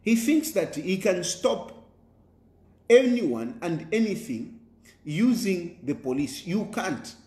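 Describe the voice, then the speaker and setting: A man's voice: high-pitched, big pitch swings, slow, warm tone, roomy sound. A Zambian man and politician giving an emphatic, repetitive political monologue with a preaching tone and many fillers.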